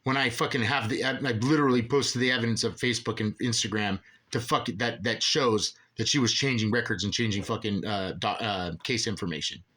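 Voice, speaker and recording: A man's voice: mid-range voice, a little fast, hardly any pauses, bright, forceful tone. A man in an agitated, profane monologue, rambling with many restarts as an aggrieved father ranting about officials. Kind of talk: angry monologue.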